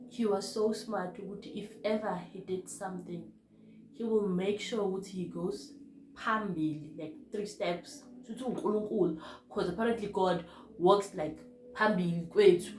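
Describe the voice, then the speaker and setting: Soft-spoken South African woman vlogger. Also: fairly low pitch, echoey room, a little hiss or hum. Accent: South African, mixing in Zulu. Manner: hushed and subdued when recalling events, code-switching. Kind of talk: personal storytelling to camera.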